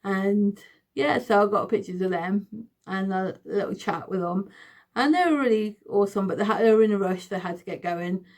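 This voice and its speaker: A woman in her thirties, telling a storytime vlog in an excitable, giggly, chatty way. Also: mid-range voice, normal speed. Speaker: vlogger. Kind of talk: casual storytime.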